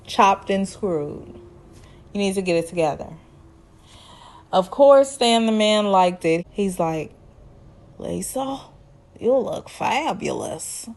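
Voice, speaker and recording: A woman's voice: mid-range voice, animated, takes it slowly, long pauses, a little mellow. A woman vlogger giving sassy, teasing commentary in a casual TV recap.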